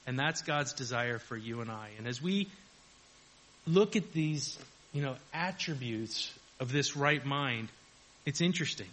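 A man's voice: mid-range voice, lively intonation, measured pace, a bit bright, poor audio. A man preaching a conversational sermon, chuckling often and acting out quoted voices. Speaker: pastor.

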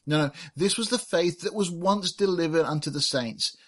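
A man's voice: a little high, moderate pace. A middle-aged man preaching a teaching sermon, reading scripture aloud with emphasis. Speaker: pastor.

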